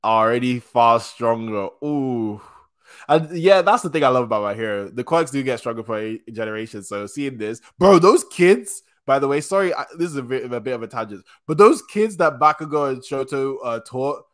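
A young man hosting a casual manga reaction, excitable and slangy, often stopping to correct himself. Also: medium pitch, brisk. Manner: excitable slangy chatter, frequent restarts.

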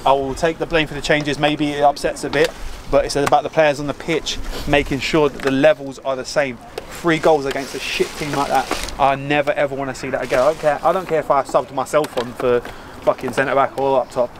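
A man's voice: medium pitch, flat delivery, fairly quick, few pauses, noisy background. A man managing a football team gives a blunt post-match talk to his players, swearing as he scolds them and then praising them.

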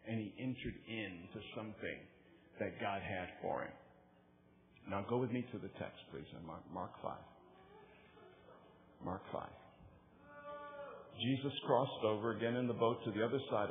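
An emphatic male preacher from the United States delivers a sermon and pushes his listeners to repeat key phrases back to him. His voice sits at an average pitch. The sound is squeezed and tinny, like a phone line. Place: large church meeting. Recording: tinny phone-like live recording.

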